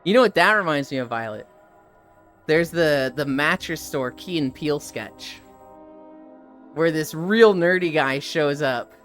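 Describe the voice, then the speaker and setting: Streamer chatting on a walk, laughs constantly, cusses, does little voices for people, drawn out slow talk. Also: medium pitch, lively intonation, fairly bright tone, faint music behind. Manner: laughs often, swears, acts out quoted voices. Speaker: live streamer. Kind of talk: casual chat, retelling funny stories.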